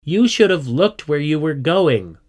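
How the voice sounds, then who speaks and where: A man's voice: expressive, unhurried, a little mellow. A man voicing a sulky, mouthy young schoolgirl in a storybook reading, whining in a raised voice. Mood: indignant. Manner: whiny, higher pitched.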